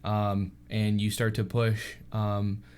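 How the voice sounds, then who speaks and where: A man's voice: on the low side, monotone, takes it slowly, a little mellow, clean tone. A man narrating as dungeon master, loose and full of fillers. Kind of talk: narrating a tabletop game.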